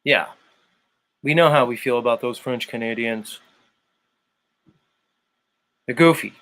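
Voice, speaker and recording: A man with a medium-pitched, somewhat bright voice hosts his own online show, speaking at a measured pace. The livestream chat is loose and rambling, packed with fillers.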